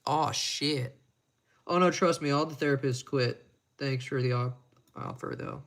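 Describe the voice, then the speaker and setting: A man's voice: medium pitch, a little slow, a bit bright. A man chatting casually on a live stream while he repairs watches at his bench, rambling and making crude, self-mocking jokes.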